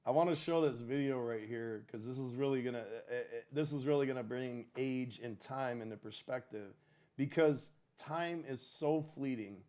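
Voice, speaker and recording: A man co-hosting a podcast in casual chat, halting and repeating words, often checking in with "right?". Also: medium pitch, darkish tone. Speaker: podcast co-host.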